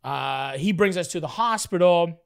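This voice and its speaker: A man telling a story as a guest in casual conversation, animated and profane, with lots of "like" fillers. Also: a little high, normal speed, clear, resonant tone.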